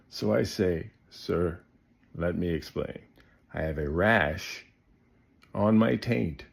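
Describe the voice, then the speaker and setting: A man telling a comic story to the camera, swinging between loud bursts and hushed asides. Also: low-pitched, vocal fry, breathy edge.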